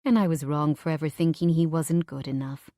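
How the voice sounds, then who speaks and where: A woman's voice: low-pitched, fairly even intonation, a little fast, dark tone, dry recording, studio quality, close to an everyday voice. A woman reading a fond, theatrical mother. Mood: tender. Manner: fond, dramatic, endearments like darling. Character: doting theatrical middle-aged mother. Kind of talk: audiobook dialogue.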